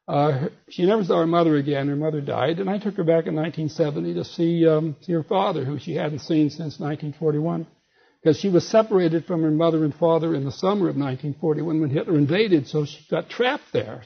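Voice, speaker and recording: An older man with a husky, slightly raised voice lectures in a folksy, wry storytelling way. The recording is dull and lo-fi. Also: a little high. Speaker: speaker and author. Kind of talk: lecture with anecdotes.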